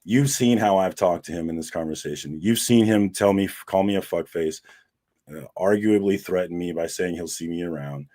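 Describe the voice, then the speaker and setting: A man's voice: low-pitched, moderate pace, mellow. A man hosting a casual livestream, talking bluntly and with lots of swearing as he recounts an argument to his viewers. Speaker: host of a comic community livestream.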